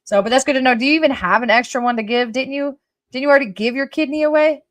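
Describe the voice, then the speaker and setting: A woman talking casually to her viewers, blunt and emphatic, who swears freely and swings from loud outbursts to soft asides. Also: high-pitched, quick pace. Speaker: vlogger. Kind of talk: casual personal talk to viewers.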